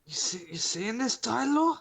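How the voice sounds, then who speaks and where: A man's voice: very high voice, sing-song, moderate pace, gravelly, a bit bright. An English man playing a tabletop game, exclaiming and easily distracted. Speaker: player. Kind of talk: casual tabletop play.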